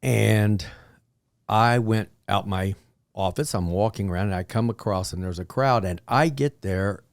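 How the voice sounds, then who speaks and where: A man from Texas, a podcast guest, telling a story in a rambling, halting way with many fillers. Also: fairly low pitch, no room sound, clean studio sound. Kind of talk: casual storytelling.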